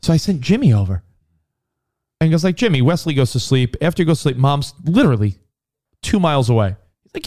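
A man's voice: medium pitch, very animated, fast, long pauses, dark tone. Rambling, chatty male podcast host. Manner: rambling storyteller with many fillers and restarts. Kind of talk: casual chat.

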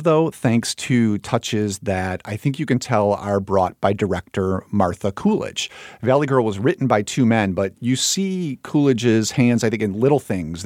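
Thoughtful low-voiced man reviewing films. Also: a little mellow, no room sound, clean studio sound. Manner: thoughtful, measured critique. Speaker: film podcast co-host. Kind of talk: film review chat.

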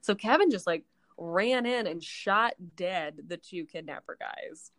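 A woman chatting on a podcast in a loose, rambling recap, peppering her story with "like" and cheerful swearing. Her voice sits a little low and is caught close and dry, with no room sound around it. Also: expressive, a little slow, a bit bright, dry recording. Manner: rambling retelling full of "like" and frequent swearing. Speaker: podcast co-host recapping a TV episode. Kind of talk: casual chat.

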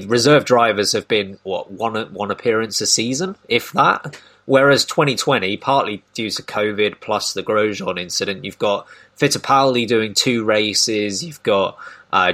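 A man's voice: on the low side, bright, forceful tone. A man hosting a casual podcast discussion, thoughtful and given to restarts. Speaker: podcast host.

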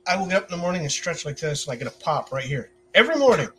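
A man with an upstate New York accent speaks as a guest on a podcast, his voice a little higher than most. He chats freely, tells little stories and laughs easily. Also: big pitch swings, a bit bright, slight background noise. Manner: chatty, quick to laugh, tells anecdotes. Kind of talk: casual chat.

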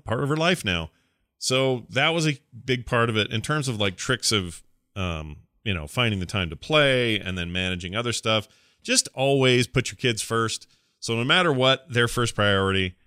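Man with a bright, forceful voice hosting a podcast. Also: medium pitch, clean tone, no room sound, studio quality. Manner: relaxed, rambling, laughs easily. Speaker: podcast host. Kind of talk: casual podcast chat.

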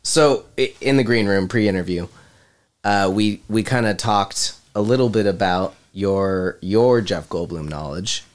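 A man's voice: on the low side, measured pace. A man hosting a casual podcast chat, joking and rambling with frequent restarts. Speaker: podcast host.

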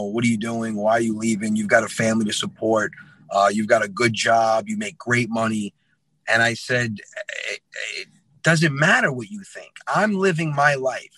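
A man in his thirties, a comedian telling stories in a lively way and acting out dialogue. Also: mid-range voice, dry recording, rough recording. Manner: lively, acts out dialogue, says "man" often. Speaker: comedian guest. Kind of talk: animated podcast storytelling.

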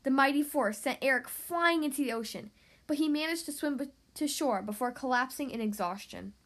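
Woman storybook narrator, high-pitched, steady read-aloud with occasional slips. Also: fairly quick. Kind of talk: storybook reading.

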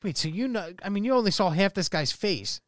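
A man's voice: high voice, expressive, brisk, heavy background noise. A man hosting a casual comedy podcast, reading out news stories and laughing often. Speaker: podcast host.

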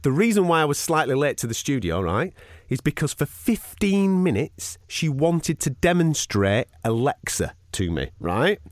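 Podcast co-host, animated storyteller who mimics voices, dry studio sound. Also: male voice, fairly high pitch, normal speed, no room sound. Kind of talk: casual storytelling chat. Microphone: studio mic.

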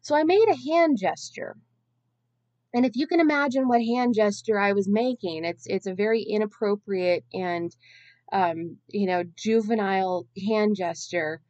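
A woman's voice: mid-range voice, measured pace, darkish tone, dry recording, highs cut off. A woman in her thirties hosting a podcast alone, telling a long-winded, self-deprecating story in a casual, chatty way. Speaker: podcast host.

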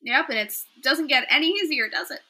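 A woman's voice: high voice, expressive, fairly quick, pushed and bright, rough recording. A woman playing a tabletop game, casual and chatty. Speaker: player.

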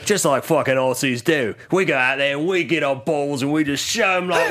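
A man's voice: mid-range voice, a little fast, hardly any pauses, a bit bright. A man casually recapping a movie with a friend, swearing and acting out characters' lines. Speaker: podcast co-host.

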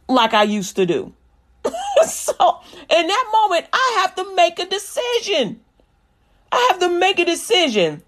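A middle-aged woman, a comedian, giving a lively testimony-style talk about her faith, acting out dialogue and repeating lines for emphasis. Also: fairly high pitch. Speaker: comedian and Christian speaker. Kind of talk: testimony-style preaching with comic storytelling.

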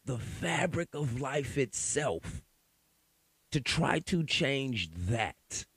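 A man hosting his own podcast delivers a profane, heated monologue with lots of repeated words. His pitch swings widely as he talks. The sound is close and dry, with no room around it. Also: breathy edge, dry recording. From Sacramento, California. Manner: profane, animated, repeats words when worked up. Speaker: podcast host. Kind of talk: ranting monologue.

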